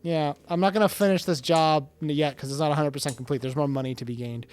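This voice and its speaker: A man's voice: on the high side, steady tone, fast, a little mellow, smooth. A man co-hosting a casual gameplay chat, joking around and slipping into mock-dramatic lines. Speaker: gaming channel co-host.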